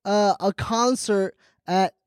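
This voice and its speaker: A man co-hosting a comedy podcast, joking and animated, laughing often. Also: high-pitched, slow pace, clear, resonant tone, no room sound, studio quality. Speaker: podcast co-host. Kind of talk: casual comedic chat.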